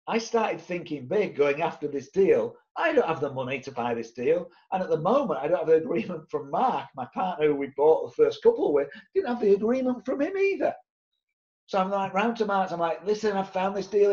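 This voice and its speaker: A man, telling an animated story to camera and acting out the other people's voices as he goes. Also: a little high, normal speed, muffled recording. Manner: lively, acts out the other voices in his tale. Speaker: property investor sharing his story.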